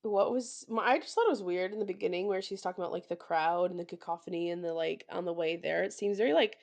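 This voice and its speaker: A woman's voice: on the low side, quick pace, vocal fry. A woman co-hosting a book podcast, chatting casually and reading passages aloud between her notes. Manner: relaxed, reads passages aloud, trails off. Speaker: podcast co-host. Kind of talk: casual book-club chat.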